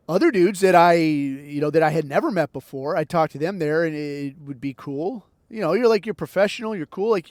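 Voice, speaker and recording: A man's voice: fairly high pitch, a little mellow, no room sound. A man hosting a podcast, telling a long casual story in a laid-back, slangy way and acting out the other people's lines. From United States. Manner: laid-back, slangy, acts out quoted dialogue. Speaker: podcast host.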